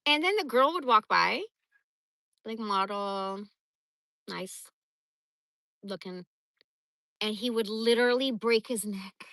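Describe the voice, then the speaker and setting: Woman, forties, casual livestream chat, blunt and profane storyteller, slightly high voice, dry close sound. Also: takes it slowly, long pauses, bright, forceful tone, no echo. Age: 40s. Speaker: livestream host.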